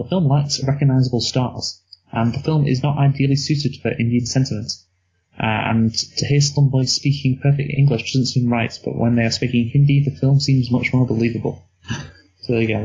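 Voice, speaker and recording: Husky male podcast co-host, casual rambling review chat, muffled lo-fi sound. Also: medium pitch. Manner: relaxed, rambling, laughs at own slips. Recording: dull lo-fi recording.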